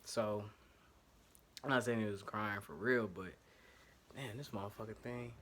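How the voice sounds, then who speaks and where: Ohio man, Ohio accent, lowish pitch, bright forward tone, casual slangy fan commentary. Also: a little slow, slight background noise. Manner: loose, slangy, self-correcting and apologetic about technical trouble. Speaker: sports podcast host. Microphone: home setup, single take.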